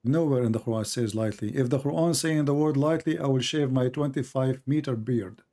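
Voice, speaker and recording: A man hosting a live-streamed religious debate, arguing and pressing his caller with repeated questions, reading passages slowly. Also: mid-range voice, warm tone. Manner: reads quoted passages slowly and deliberately.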